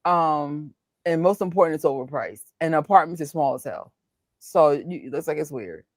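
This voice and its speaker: A young woman, chatting casually as a co-host and telling animated stories with frequent laughter. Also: sits low, moderate pace, no room sound. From New York. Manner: animated storyteller, laughs often, acts out exchanges. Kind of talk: casual chat.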